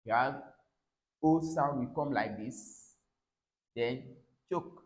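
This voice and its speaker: A man's voice: medium pitch, slow pace, a little hiss or hum, low-quality recording. A man with a Nigerian English accent teaching a pronunciation lesson, repeating each word and checking in with "all right?".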